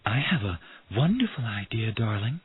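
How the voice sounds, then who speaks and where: A man's voice: on the low side, big pitch swings, normal speed, slightly rough, pitched above the performer's own voice, exaggerated voice. A man voicing a cool, disdainful young woman with a hard manner in a storybook reading. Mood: falsely sweet. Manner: sugary then icy, hard. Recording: tinny phone-like sound.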